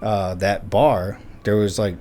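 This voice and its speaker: A man co-hosting a casual podcast tells stories full of swearing, animatedly acting out what people said. His voice is fairly low and his pace slow.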